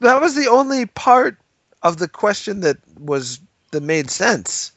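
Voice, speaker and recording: A man's voice: sits high, sing-song, unhurried, creaky, fairly bright tone, no echo, muffled recording. A man co-hosting a comedy podcast with dry quips and easy laughter. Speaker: podcast co-host. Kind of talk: casual comedy banter.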